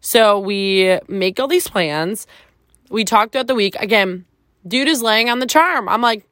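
Her voice is mid-range and a bit bright, delivered at a moderate pace in clean, echo-free studio sound. She's a podcast host sharing a personal story casually, peppering it with "like" and swearing without restraint.

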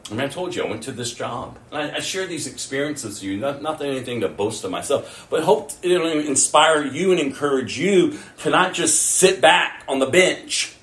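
A man's voice: a little high, lively intonation, normal speed, few pauses, a bit bright. A man preaching a sermon, telling stories and acting out his own prayers and other people's words. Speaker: pastor. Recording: echoey room, mic at a distance.

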